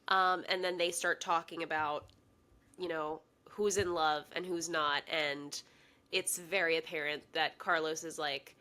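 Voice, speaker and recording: A woman's voice: lowish voice, measured pace. A woman co-hosting a podcast, casually recapping a TV episode and laughing often. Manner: lively, laughs loudly. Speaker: podcast co-host. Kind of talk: casual chat recapping a TV show.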